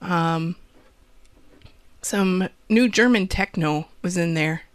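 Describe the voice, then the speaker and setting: A woman's voice: fairly low pitch, slow, clear, resonant tone, no echo. A woman with a Wisconsin accent hosting a college radio show, chatting casually with rambling, self-deprecating jokes.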